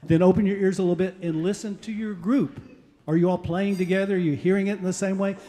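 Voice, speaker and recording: Energetic man teaching a chant live. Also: high-pitched, quick pace, long reverb tail. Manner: energetic, coaxes the crowd to join in. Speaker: guest music teacher at a kids' concert. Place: café concert stage, live.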